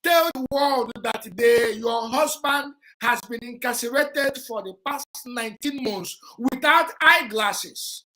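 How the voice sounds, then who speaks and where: A woman with a Nigerian accent hosting a vlog, giving forceful, repetitive, lecturing commentary aimed straight at a rival. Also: fairly high pitch, slow, hardly any pauses. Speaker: vlog host. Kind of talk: impassioned livestream commentary.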